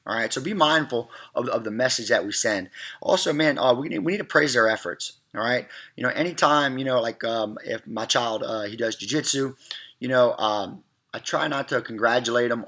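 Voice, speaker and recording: A man's voice: mid-range voice, expressive, a little fast, pushed and bright. A middle-aged man hosting a parenting segment, giving earnest casual advice to viewers and often checking in with "all right" and "look.". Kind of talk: casual advice talk to camera.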